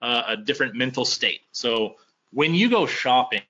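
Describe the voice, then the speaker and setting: A man's voice: medium pitch, animated, moderate pace, pushed and bright. A man presenting a casual teaching webinar over a video call, loose and conversational, full of "you know" fillers and rhetorical questions. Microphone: computer mic on a video call. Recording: dull lo-fi online call audio.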